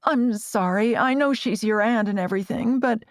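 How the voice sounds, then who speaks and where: A woman's voice: moderate pace, no room sound, studio quality, lightly acted. A woman voicing a headstrong young Amish woman grieving her lost bird, her voice lifted and pleading. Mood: upset. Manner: upset, pleading, raised in pitch.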